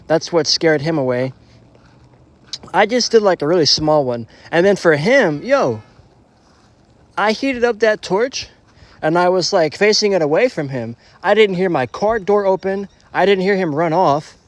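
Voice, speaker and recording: A man's voice: fairly high pitch, no room sound. A young man rambling through a casual storytime monologue, slangy and profane, full of restarts. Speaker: storytelling vlogger.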